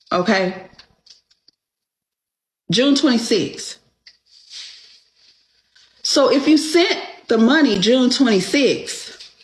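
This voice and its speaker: Woman guest, emphatic and profane storyteller, unhurried, in a roomy, echoey space. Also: a little high, a bit bright. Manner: emphatic, profane, keeps asking "okay?". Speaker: guest telling her story. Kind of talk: casual storytelling. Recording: echoey room.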